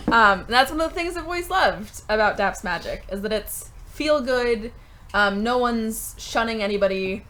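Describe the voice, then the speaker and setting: A woman's voice: mid-range voice, fairly bright tone. A woman co-hosting a podcast, speaking earnestly and rambling in casual chat. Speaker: podcast co-host. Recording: faint background noise.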